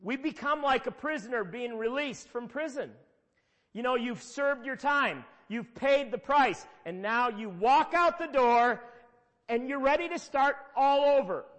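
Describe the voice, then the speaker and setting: A man's voice: extremely high pitch, measured pace, a bit bright. A middle-aged man preaching a sermon, telling stories conversationally with emphatic repetitions. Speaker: pastor. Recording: long hall reverb.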